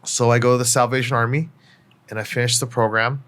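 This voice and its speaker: A middle-aged man shares his personal story as a guest on a casual podcast, speaking candidly and reflectively with many fillers. His mid-range voice is steady, fast and a bit bright.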